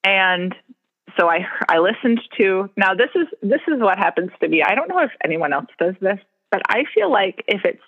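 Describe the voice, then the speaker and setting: A woman's voice: mid-range voice, very animated, moderate pace. A middle-aged woman telling stories in casual chat, laughing often. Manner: chatty storyteller, laughs often. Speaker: podcast co-host. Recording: tinny phone-like line.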